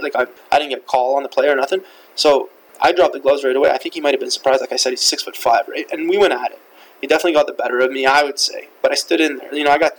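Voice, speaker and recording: A man's voice: mid-range voice, fairly bright tone, slight background noise, rough recording. A young man whose first language is French, hosting a podcast and telling a rambling, profane story full of fillers. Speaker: podcast host. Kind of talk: casual storytelling.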